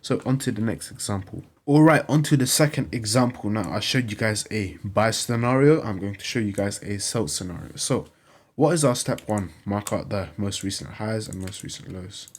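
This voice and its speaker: Young male host, lowish voice, repetitive step-by-step chart walkthrough, keyboard clicks behind. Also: normal speed. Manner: repetitive, plainly instructive, upbeat pitch. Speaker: trading channel host. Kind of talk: screen-recorded tutorial walkthrough.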